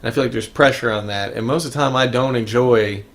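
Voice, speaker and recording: A man's voice: mid-range voice, quick pace, fairly bright tone. A man co-hosting a podcast, chatting casually about movies with frequent restarts and fillers. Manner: rambling, many restarts and fillers. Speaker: podcast co-host. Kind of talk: casual movie review chat.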